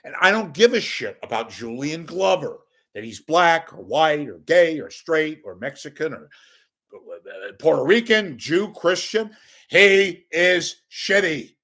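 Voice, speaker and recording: A man's voice: a little high, expressive, measured pace, fairly bright tone. Angry, profane ranting man. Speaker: local media commentator.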